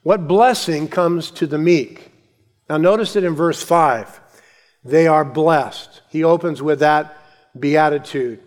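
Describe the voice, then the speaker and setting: A male pastor preaching a sermon, building to emphatic lines and then dropping to soft asides. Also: a little high, slow pace. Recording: long hall reverb.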